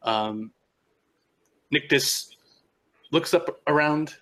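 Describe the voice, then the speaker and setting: A man narrating as game master of a tabletop game, relaxed and halting. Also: medium pitch. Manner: relaxed, halting, many restarts.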